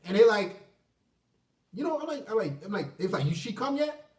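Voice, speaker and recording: A man casually telling a personal story, animated and profane, swinging between loud outbursts and low mutters. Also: fast. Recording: roomy echo, mic at a distance.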